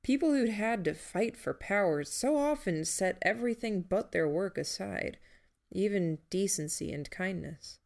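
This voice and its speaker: A woman narrating a first-person story in a dry, measured manner. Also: medium pitch, animated, gravelly, a little mellow. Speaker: audiobook narrator.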